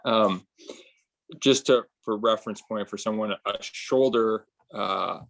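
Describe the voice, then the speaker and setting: A man's voice: lowish voice, slow, creaky, a bit bright. A man interviewing a winemaker, talking hesitantly with many ums and restarts. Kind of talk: casual interview.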